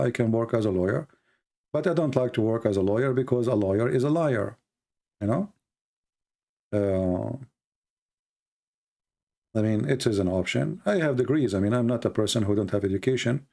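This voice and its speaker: A man hosting a livestream in non-native, broken English, talking emphatically with lots of "you know" and repeated words, and rising higher and more heated when he mocks his critics. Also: moderate pace, creaky, dark tone. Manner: emphatic, grows heated and high-pitched when mocking critics. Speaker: livestream host. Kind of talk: casual spoken monologue.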